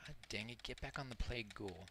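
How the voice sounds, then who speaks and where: A fast-talking middle-aged man with a medium-pitched voice streams multiboxing gameplay, rambling, explaining tactics as he plays, and making fun of himself. Background noise is audible.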